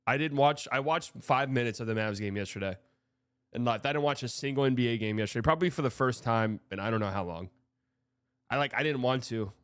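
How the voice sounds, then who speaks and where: A male streamer hosts a live sports show, talking loosely and swearing freely while sentences trail off and restart. His voice sits at an ordinary middle pitch, recorded close and dry with no room echo. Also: quick pace, a bit bright, clear, resonant tone. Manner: frank, profane, rambling with restarts. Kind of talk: casual live-stream commentary.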